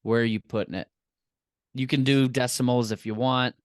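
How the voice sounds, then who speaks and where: A man's voice: mid-range voice, fairly even intonation, normal speed, smooth, no room sound, studio quality. A man co-hosting a podcast in casual chat, enthusiastic and rambling. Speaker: podcast co-host.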